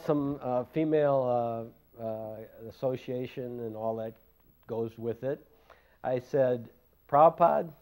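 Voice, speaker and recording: A man's voice: medium pitch, a little mellow. An older man casually recalling his past in an interview, rambling and self-deprecating, laughing often. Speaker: devotee recalling memories.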